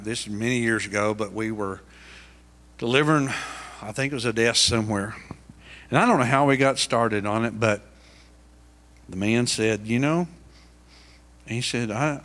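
A man's voice: fairly low pitch, fairly bright tone. A middle-aged male pastor preaching a sermon, pressing his points with rising, emphatic questions.

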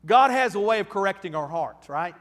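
Folksy high-voiced preacher in a reverberant church. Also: male voice, brisk. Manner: folksy, animated, with repeated restarts. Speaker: pastor. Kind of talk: storytelling sermon.

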